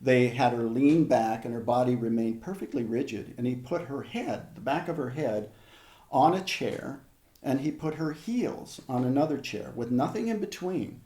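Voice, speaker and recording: An older man working as a hypnotherapist, telling stories in an interview in a measured, conversational way with frequent restarts. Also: medium pitch, lively intonation, warm tone, roomy sound. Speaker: hypnotherapist guest. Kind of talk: reflective storytelling in an interview.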